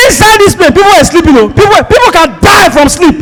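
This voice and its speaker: A Nigerian man performing stand-up comedy, telling a story in an animated way and slipping into pidgin, with a Nigerian accent. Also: extremely high pitch, quick pace, few pauses, over a noisy crowd. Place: live comedy show before an audience. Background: audience laughter.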